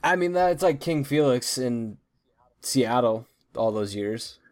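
A young man hosting a casual sports and gaming podcast, talking in an easygoing, relaxed way. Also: medium pitch, takes it slowly. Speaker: podcast host.

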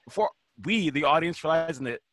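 Man, casual film podcast, bright tense voice, lively retelling, dry recording. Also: a little high, fairly quick, no echo. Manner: animated, acts out movie lines in quoted voices, swears casually.

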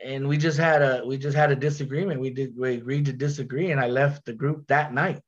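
A man with a nasal voice, a rapper guest telling a story in casual chat, slangy and quick to repeat and restart his words. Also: mid-range voice, fairly even intonation, highs cut off.

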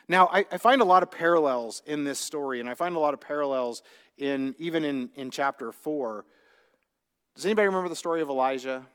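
Male pastor, high voice, chatty preaching style full of rhetorical questions, long church-hall reverb. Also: normal speed, a bit bright. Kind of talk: sermon. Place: church sanctuary.

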